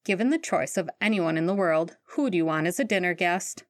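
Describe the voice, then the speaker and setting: A woman's voice: on the low side, animated, brisk, dry recording, natural voice. A woman voicing a studious teenage boy wizard in a podfic, dry and teasing.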